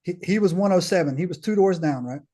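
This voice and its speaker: Slangy storytelling man, fairly high voice. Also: fast talker. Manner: slangy, peppers talk with "man", "bro", "right?"; animated, acts out others' dialogue. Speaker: podcast guest. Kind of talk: casual storytelling.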